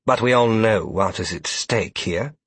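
A man's voice: lowish voice, measured pace, slightly rough, no echo. A man voicing a haughty, scheming male noble envoy who gives orders in a clipped, imperious, seething tone. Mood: commanding.

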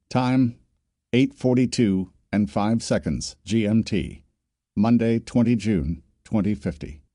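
A man narrating a science fiction audiobook with a measured, even reading. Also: on the low side, dry recording, clean studio sound.

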